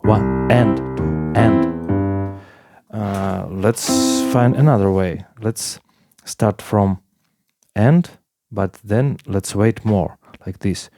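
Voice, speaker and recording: A man teaching a piano lesson in plain talk, with halting phrasing, counting beats aloud while he plays. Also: fairly low pitch. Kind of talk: casual piano tutorial. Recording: piano playing loudly alongside.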